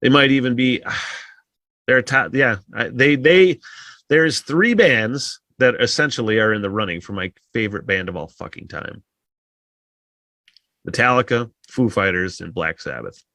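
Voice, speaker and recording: A man talks alone into a close podcast mic, rambling loosely and cursing freely, with many sighs between thoughts. His voice has a sharp, bright edge, and the sound is dry with no room to it. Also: mid-range voice, lively intonation, measured pace, dry recording. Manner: rambling, heavy swearing, frequent sighs. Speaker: podcast host. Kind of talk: casual solo podcast monologue.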